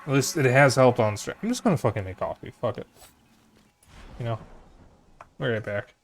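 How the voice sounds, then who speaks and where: A man's voice: medium pitch, sing-song, a little fast. A sleepy man chatting casually and swearing offhandedly as he streams a video game. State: drowsy, yawning. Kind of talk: casual gameplay commentary. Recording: voice over faint game music.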